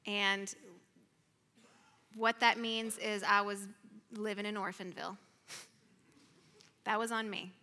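A woman's voice: medium pitch, level tone, slow, pauses often, sharp tone, big-room sound. A woman sharing a personal testimony in a sermon at church, earnest and emotional, sometimes sinking to a near-whisper. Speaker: church speaker. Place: church sanctuary.

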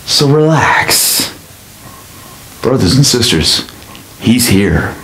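Male pastor, mid-pitched, lively storytelling sermon, roomy church sound with faint noise. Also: very slow. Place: church sanctuary.

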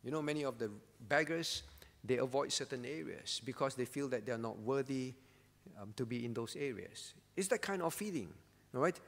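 Preacher in a reverberant church hall. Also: male voice, medium pitch, expressive, normal speed, creaky. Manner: earnest teaching, with frequent "all right?" check-ins and questions to the congregation. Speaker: pastor. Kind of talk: sermon at a prayer meeting.

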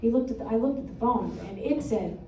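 A middle-aged woman performing a stand-up comedy set in a comedy club, crude and deadpan, working the crowd between punchlines. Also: on the high side, a little fast. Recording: echoey club audio from far off with loud crowd.

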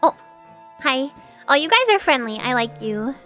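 A young woman streaming a game, with a high, bright voice that jumps all over in pitch. She chats casually and giggles often, with faint game music behind her. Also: big pitch swings, normal speed. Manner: giggly, chatty, reacts aloud to the game. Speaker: streamer playing a video game. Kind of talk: casual gameplay commentary.

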